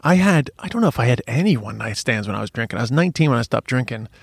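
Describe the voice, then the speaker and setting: A man's voice: medium pitch, expressive, very fast, creaky, slightly rough, no room sound, clean studio sound. A man co-hosting a podcast, telling stories in frank, sweary casual chat with many stumbling restarts. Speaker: podcast co-host.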